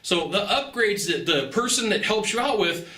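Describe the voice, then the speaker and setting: Animated, bright-voiced man giving travel tips. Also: high-pitched, moderate pace, reverberant. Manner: animated, chatty, laughs often, acts out dialogue. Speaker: travel and persuasion tips presenter. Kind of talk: casual advice talk to camera.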